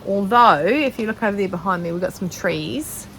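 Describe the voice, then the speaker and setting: Sewing on a shaded outdoor deck, this middle-aged woman with a New Zealand accent chats through a casual vlog full of ums, rambling and poking fun at herself. She speaks at a moderate pace with medium pitch, lively intonation, and a fairly bright tone. The recording is rough, with a little hiss or hum.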